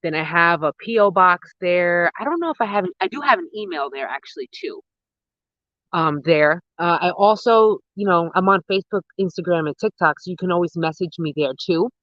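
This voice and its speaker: A gardening host in their thirties rambles through a casual live stream, excitable and full of slang. The voice sits close and dry against the mic. The phone audio comes through dull and muffled. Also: mid-range voice, fairly quick, no echo. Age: 30s. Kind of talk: casual live-stream chat answering viewers. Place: outdoors at dusk.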